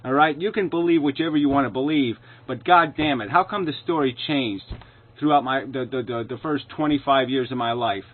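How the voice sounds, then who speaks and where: A man giving an angry, sarcastic commentary, full of swearing and loud outbursts. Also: medium pitch, a little fast. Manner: profane, sarcastic, shouting in bursts. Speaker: video commentator. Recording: tinny phone-like sound.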